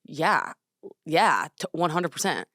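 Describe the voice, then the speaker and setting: Young woman, podcast co-host, expressive lively intonation, dry close mic, casual chat. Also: sits low, slow pace, no echo. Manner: animated storyteller, laughs often. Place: studio.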